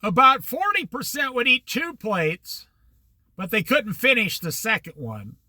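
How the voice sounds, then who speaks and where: In a casual storytelling monologue, an older male host tells a long, rambling personal anecdote and acts out the back-and-forth of old conversations. His voice is very high-pitched and very animated, with a sharp tone and an unhurried delivery. The recording is dry.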